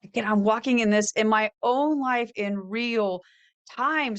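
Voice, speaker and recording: A woman's voice: a little high, unhurried. A middle-aged woman hosting a faith-based podcast, talking earnestly and reading scripture aloud. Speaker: podcast host. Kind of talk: faith-based motivational talk.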